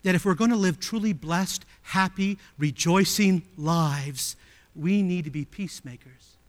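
Preaching with emphasis and plenty of rhetorical questions, a male pastor moves from loud appeals down to hushed passages. His voice sits high and his pace is a little slow, and the sound suggests a large hall.

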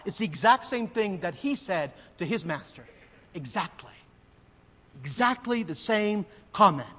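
A male pastor preaching a sermon, earnestly swinging between emphatic bursts and quiet, intense asides. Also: sits high, animated, normal speed. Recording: long reverb of a large church hall.

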